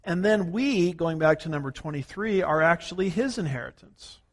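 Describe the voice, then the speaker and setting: A man from the United States preaching a sermon as a pastor, working through numbered points and slowing down to stress key words. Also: on the high side, animated. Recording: long hall reverb.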